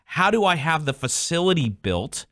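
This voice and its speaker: Male business podcast host, fairly high voice, animated storyteller, dry recording. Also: dry recording. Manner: animated, acts out customer dialogues in quick voices. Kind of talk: casual business chat.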